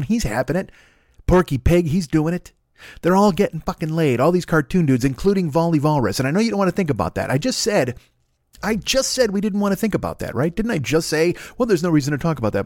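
A man hosting a podcast riffs through a profane, rambling comic monologue. His pitch sits a touch high and swings widely as he talks himself into bigger and bigger bits. The sound is close and dry, with no room around it. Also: dry recording. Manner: profane, animated riffing with impressions. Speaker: podcast host.

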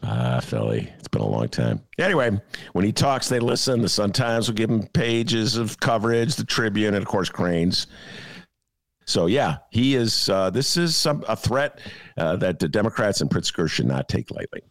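Animated, gravelly man. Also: lowish voice, normal speed, no echo. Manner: animated, sarcastic, ranting. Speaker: podcast co-host. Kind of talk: casual political commentary.

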